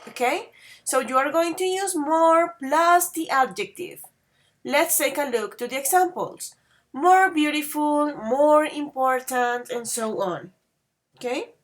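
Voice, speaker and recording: In this clip, a high-sitting female voice patiently quizzes an English grammar class and carefully spells out word endings at a slow pace.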